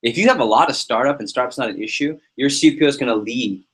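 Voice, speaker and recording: A man leading a sales team meeting, giving an energetic motivational talk full of anecdotes and repetition. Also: medium pitch, fast talker, husky. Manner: energetic, repeats himself, tells anecdotes. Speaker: team leader running a sales prep meeting.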